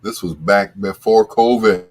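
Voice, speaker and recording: Slow, deep-voiced man telling a rambling story. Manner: rambling, with many restarts and asides. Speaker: radio show host. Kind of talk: casual storytelling chat.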